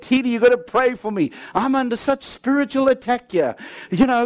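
Speaking at a normal speed, a preacher tells stories in his sermon, moving back and forth between animated outbursts and hushed, low-voiced emphasis.

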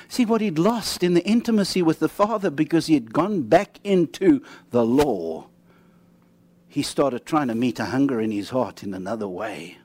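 In a dry recording, a man preaches a sermon through stories, swinging lively between animated bursts and low, quiet emphasis.

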